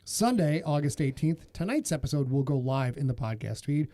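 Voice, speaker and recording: A man's voice: on the high side, expressive, moderate pace, dark tone, no room sound. A man hosting a podcast in casual chat, joking and swearing freely. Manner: joking, profane, blustery. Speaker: podcast host.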